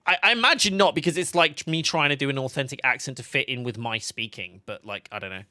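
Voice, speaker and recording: A man's voice: medium pitch, fast talker, bright, forceful tone, no echo, studio quality. A man, chatting casually on a game livestream, laughing often and reading chat aloud. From England. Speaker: game streamer.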